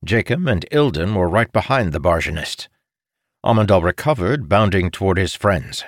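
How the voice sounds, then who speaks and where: A man narrating a fantasy audiobook in a steady, measured reading. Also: low voice, no room sound, clean studio sound.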